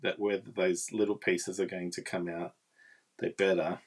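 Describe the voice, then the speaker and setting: A woman's voice: extremely low pitch, flat delivery, moderate pace, slightly rough. A woman giving a casual, chatty live card-making demonstration and talking with viewers. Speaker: papercraft demonstrator.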